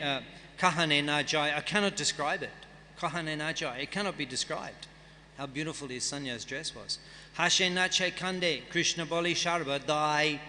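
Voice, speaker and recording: In a temple hall, a man invited as guest speaker for the festival reads and chants scripture verses, then unpacks them in a chatty way. His pitch is fairly high and his tone sharp, with a long reverb tail and a faint hiss or hum in the recording.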